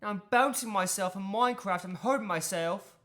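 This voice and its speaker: A woman's voice: medium pitch, moderate pace, a bit bright. A young Australian woman streaming a game, chatting casually, swearing freely and laughing often. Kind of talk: casual chat while gaming.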